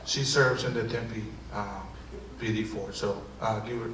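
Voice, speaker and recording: Before a theater audience, an actor improvises as a defensive, brash immigrant comedian with a Spanish accent, speaking a little slowly in a fairly low voice. He sounds mocking and lively as he rambles and stammers. A distant mic picks him up in a roomy hall with loud noise.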